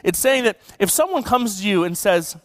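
A man's voice: high-pitched, animated, moderate pace, a bit bright, dry recording. A young adult man giving a casual sermon as a guest preacher, conversational and joking, with many "like" fillers.

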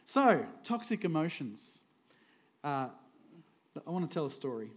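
A middle-aged pastor giving a light, conversational sermon. His voice sits a bit higher than most men's, and he keeps the mood jokey, chuckling between points. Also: sing-song, measured pace. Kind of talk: humorous sermon.

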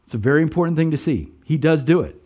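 A man's voice: fairly high pitch, expressive, fast, dark tone. A man preaching a sermon, earnest and emphatic, asking his listeners rhetorical questions. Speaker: pastor.

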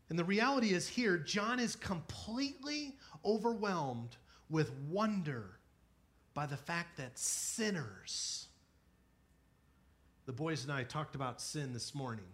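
Male pastor in his thirties, sermon delivery, bright and forceful, higher-pitched, leads the congregation in call and response. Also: lively intonation, slow pace. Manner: swings from quiet storytelling to emphatic near-shouting; asks the congregation to repeat words.

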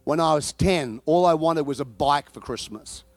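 A man preaching a sermon, telling a story with animated energy that bursts into shouting. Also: a little high, normal speed, dry recording.

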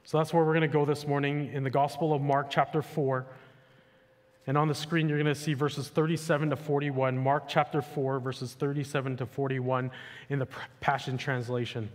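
A man's voice: medium pitch, flat delivery, normal speed. A male pastor giving a sermon in a casual, conversational way, full of "like" and "you know", to a church. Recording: echoey hall with long reverb.

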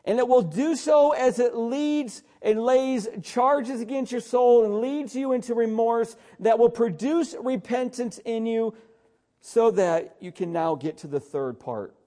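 High-pitched, mellow-voiced preacher man. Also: unhurried. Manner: urgent, exhorting preacher who often says "listen". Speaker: pastor. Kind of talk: sermon.

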